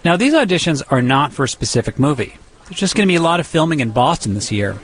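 A man reporting and interviewing for a radio feature, measured and conversational. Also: on the high side, big pitch swings, a bit bright.

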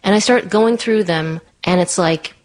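A woman telling a personal story with animated, breathless, self-deprecating energy. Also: lowish voice, a little slow. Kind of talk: personal story told to an audience.

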